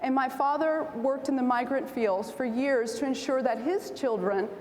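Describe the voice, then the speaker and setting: A woman in her forties giving a storytelling speech at a convention, animated and acting out the voices in her anecdotes. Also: high-pitched, moderate pace, slight background noise. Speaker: keynote speaker. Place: large convention hall. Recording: roomy hall reverb, faint ambience.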